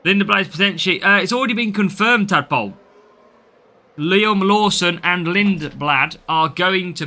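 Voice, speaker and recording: Live game commentary comes from a chatty young streamer with an English Midlands accent, who reads out viewers' names and responds to them. He has a fairly high-pitched voice with a sharp tone.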